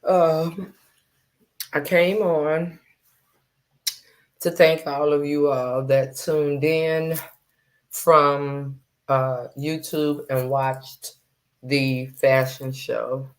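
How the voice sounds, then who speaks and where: A woman's voice: deep voice, fairly even intonation, extremely slow, pauses often. A woman hosting a live stream, chatting casually and unhurriedly to her viewers. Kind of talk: casual chat.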